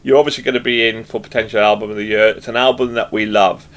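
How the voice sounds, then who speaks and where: A man's voice: on the low side, fairly even intonation, fast, fairly bright tone. A man hosting an interview, asking long, rambling questions that he restarts mid-phrase. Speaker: interview host.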